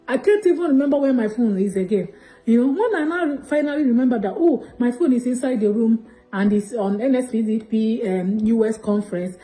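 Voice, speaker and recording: A woman telling an emotional testimony in church. Her voice is a little high but mellow and warm. Faint music plays behind her. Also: brisk, rough recording. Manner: emotional, retelling with quoted dialogue. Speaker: testimony giver.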